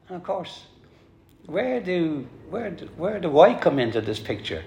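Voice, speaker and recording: A man's voice: fairly high pitch, very animated, normal speed. Earnest male preacher in an echoey hall. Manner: earnest, pleading, addresses the congregation as folks. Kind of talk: sermon.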